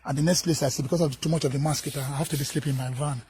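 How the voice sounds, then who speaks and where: A man's voice: on the high side, fairly even intonation, rapid-fire, a little mellow, slight background noise, rough recording. A man speaking earnestly outdoors, explaining his hardship and asking for help, with "you know" after nearly every phrase. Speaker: interviewee. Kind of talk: pleading personal appeal.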